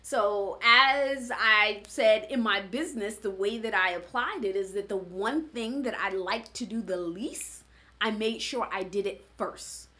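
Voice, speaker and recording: A woman's voice: mid-range voice, unhurried, pushed and bright. A woman who works as a fitness coach, giving a conversational motivational talk and often checking in with "right?". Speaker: fitness coach and former studio owner.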